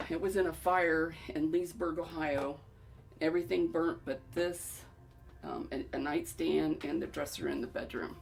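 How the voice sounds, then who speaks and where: A woman's voice: sits low, vocal fry, a little mellow. A middle-aged woman earnestly and anxiously recounting frightening experiences in her home, often repeating herself, recorded in an echoey room with faint noise. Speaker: homeowner describing hauntings. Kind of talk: recounting experiences on a paranormal show.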